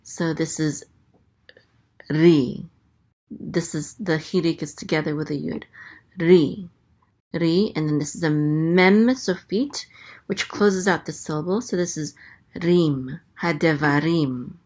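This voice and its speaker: Slow, patient woman teaching Hebrew letters. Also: sits low, darkish tone. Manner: slow, patient, repeats each sound. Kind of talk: letter-by-letter language lesson.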